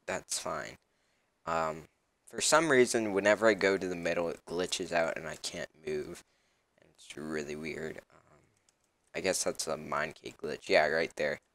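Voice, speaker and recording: A man's voice: low voice, creaky, a bit bright, dry recording. A young man casually commenting on his own gameplay as a channel host, rambling with lots of ums and uhs.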